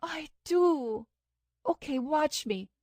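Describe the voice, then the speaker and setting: A woman's voice: high-pitched, animated, slow, a little mellow, dry recording, clean studio sound, pitched above the performer's own voice. A woman voicing a distraught young woman who pleads urgently over a wounded friend, in a raised, tearful voice. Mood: pleading.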